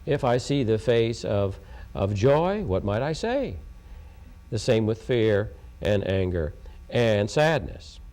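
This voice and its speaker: A man's voice: mid-range voice, warm tone. A man from Oklahoma giving a taped educational lecture on communication. He is emphatic, repeats his points and asks rhetorical questions. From Oklahoma, USA.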